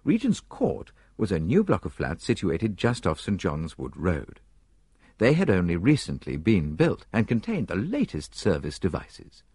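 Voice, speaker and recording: A man narrating an audiobook in a measured, expressive way. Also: low-pitched, husky, no echo, studio quality.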